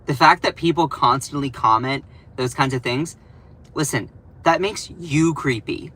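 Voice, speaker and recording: A young man talking in a casual political commentary vlog, animated and sarcastic, with lots of fillers and quick asides. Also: mid-range voice, breathy edge, poor audio.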